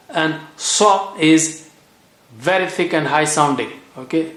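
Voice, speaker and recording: A man's voice: a little high, a bit bright. Patient man drilling sounds in an echoey room. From South Asia. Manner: patient, repeats each sound slowly for drilling. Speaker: Quran reading teacher. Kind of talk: recorded language lesson.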